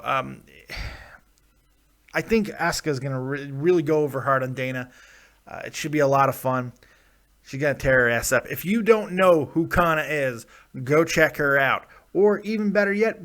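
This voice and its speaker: A man's voice: fairly high pitch, fairly bright tone. A man hosting a wrestling preview stream, rambling and joking as he talks straight to his viewers. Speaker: wrestling vlogger. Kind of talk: casual live-stream commentary.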